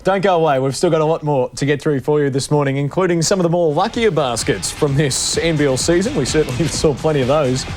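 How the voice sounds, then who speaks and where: A man's voice: on the high side, fast, few pauses, a little mellow, faint music behind. A man presenting a weekend sports show, chatty and prone to laughing. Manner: giggly, laughing. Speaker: studio host.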